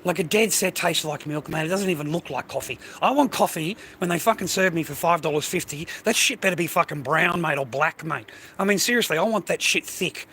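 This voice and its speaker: Older Australian bloke hosting a livestream, high and bright voice, foul-mouthed casual rambling, faint noise behind. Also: male voice, a little fast. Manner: swears constantly, calls listener mate and bro. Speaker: livestream host. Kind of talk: casual rambling monologue to viewers.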